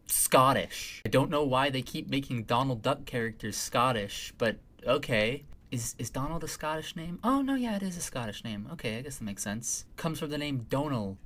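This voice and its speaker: Man, sarcastic commentary, dry and rambling, mid-pitched. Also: fairly bright tone. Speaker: video essay critic.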